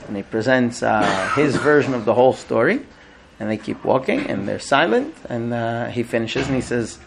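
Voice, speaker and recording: A man teaching a class in a conversational way, telling an illustrative story with frequent hesitant pauses. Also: mid-range voice, big pitch swings, gravelly, noisy background. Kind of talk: storytelling lecture.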